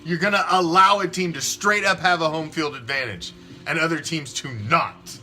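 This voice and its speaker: A man's voice: a little high, moderate pace, sharp tone, faint music behind. A man hosting a fan sports show, ranting emphatically and swearing a lot. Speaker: fan podcast host. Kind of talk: opinionated sports talk rant.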